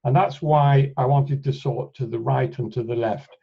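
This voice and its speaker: A man presenting a live software demonstration in a webinar, thinking aloud as he clicks through steps and often restarting his sentences. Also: mid-range voice, fairly even intonation, normal speed, vocal fry, husky. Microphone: computer mic on a video call. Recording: dull lo-fi webinar audio.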